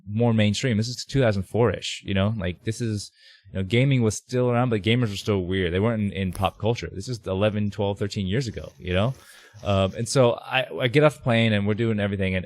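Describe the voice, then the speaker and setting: A man on a podcast as a guest, telling a story in casual chat with lots of fillers and loud bursts. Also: lowish voice, a little fast, dry recording, clean studio sound. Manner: animated, shouts heckles in quoted voices, many fillers.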